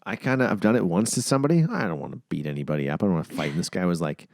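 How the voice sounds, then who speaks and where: A podcast co-host with a low, creaky voice talks very fast, casually telling animated, swear-heavy stories and acting out the voices and quotes in them.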